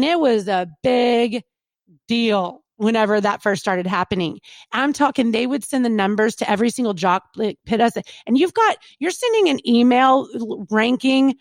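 A woman in her thirties who works as a radio personality, talking in a casual interview. Her voice sits a little high and is recorded close and dry. She speaks in an animated, chatty way, full of fillers and quoted asides. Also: dry recording.

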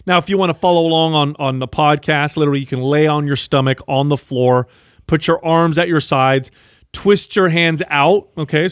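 A man's voice: on the high side, clear, resonant tone, dry recording, studio quality. A man co-hosting a fitness podcast, walking listeners through exercises step by step. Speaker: podcast co-host. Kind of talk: casual fitness podcast chat.

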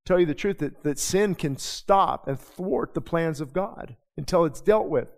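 Preaching pastor in a reverberant church hall. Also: male voice, on the high side. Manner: conversational preaching with quick asides and rhetorical questions. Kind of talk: sermon. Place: church sanctuary.

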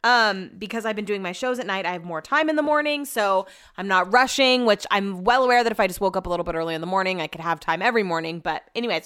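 Smooth-voiced woman, rambling casual chat. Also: medium pitch, fairly bright tone, dry recording, studio quality. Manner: rambling, profane storytelling. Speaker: radio show host.

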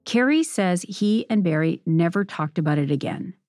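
A woman narrates a true-crime documentary in a measured, scripted way. Her voice sits low, and it is recorded close and dry. Soft music plays underneath. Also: no room sound. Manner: measured, even storytelling. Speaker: podcast host and narrator.

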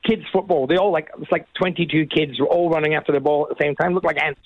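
Aussie guy on the phone, high voice, talks fast, rambly and laughing through his stories. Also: steady tone, no room sound, dull audio. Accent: Australian. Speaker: guest. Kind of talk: casual storytelling.

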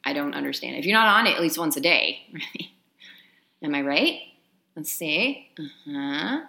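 A woman co-hosting a casual podcast, chatting with an animated, swooping pitch. She swears freely and drifts from one tangent to the next. The room is echoey and roomy. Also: moderate pace, vocal fry. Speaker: podcast co-host. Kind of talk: casual chat.

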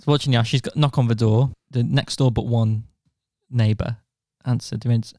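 A man's voice: medium pitch, fairly even intonation, normal speed, darkish tone, no echo, clean studio sound. A man co-hosting a casual podcast, telling rambling anecdotes and slipping into voices. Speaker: podcast co-host. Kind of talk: casual chat, storytelling.

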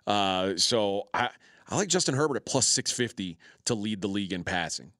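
A man's voice: on the low side, lively intonation, moderate pace, a bit bright, no room sound, clean studio sound. A man hosting a sports betting talk show, making his points in a casual, opinionated way. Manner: opinionated, emphatic.

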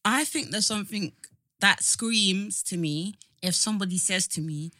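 A woman's voice: mid-range voice, moderate pace, bright, forceful tone, dry recording. A young woman, a podcast co-host, chatting bluntly and emphatically about a reality show. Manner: blunt, emphatic, swears casually. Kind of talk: casual chat reviewing a reality show.

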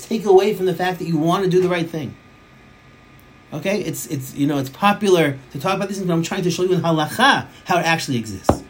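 A man's voice: high voice, a little hiss or hum. A man teaching a Torah class as a rabbi, emphatic, often repeating phrases for stress and mixing in Hebrew and Yiddish terms.

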